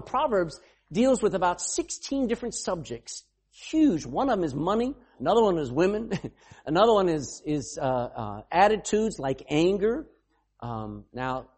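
Male pastor mid-sermon, husky voice, pitch rising and falling freely, quizzes the room. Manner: calls on readers and questions the congregation; bursts into shouting for emphasis.

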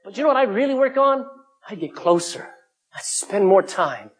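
A middle-aged male pastor preaching a sermon, emphatic, swinging from loud calls to hushed asides. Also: high-pitched, sing-song, moderate pace.

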